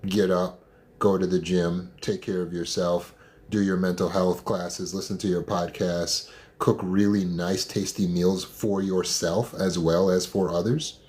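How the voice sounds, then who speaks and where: A man's voice: sits low, flat delivery, unhurried, a little mellow. A man coaching listeners through trauma recovery in a blunt, emphatic, direct motivational talk.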